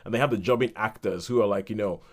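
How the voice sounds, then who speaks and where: A man from Nigeria co-hosting a podcast, chatting casually about films in a lively way and laughing often. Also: fairly low pitch, fast. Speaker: podcast co-host.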